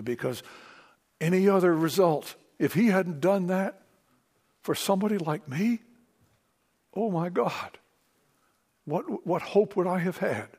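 Lively, fervent male preacher. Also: a little high, breathy edge. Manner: fervent, swings from hushed to emphatic. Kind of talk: sermon. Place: church meeting.

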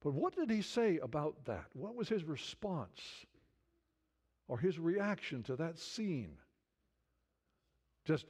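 This preacher has a fairly high, very animated voice with a darkish, slightly rough tone, and he speaks slowly with long pauses. Heard in dull lo-fi sound, he delivers a conversational sermon with many restarts and mounting fervor.

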